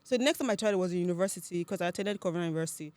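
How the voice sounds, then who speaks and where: A woman's voice: lowish voice, rapid-fire, no room sound. A young woman with a Nigerian accent, a podcast guest telling stories with animation, laughing often and acting out what others said. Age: young adult. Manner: animated storyteller, laughs often, acts out quoted speech. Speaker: guest, accent content creator. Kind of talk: casual podcast interview.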